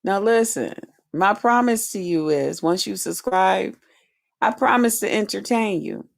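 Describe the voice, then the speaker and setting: Slow-talking woman host, profane and confrontational, ranting to her viewers. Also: medium pitch, creaky. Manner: profane, confrontational, drawn-out talk. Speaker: channel host. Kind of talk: casual vlog rant to subscribers.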